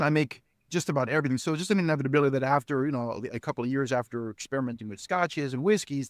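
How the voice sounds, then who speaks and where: Clean studio audio with no echo captures a middle-aged man who founded a spirits company. Guesting on a podcast, he animatedly recounts stories in a casual interview, acting out quoted dialogue with jumps in pitch and lots of "you know" fillers.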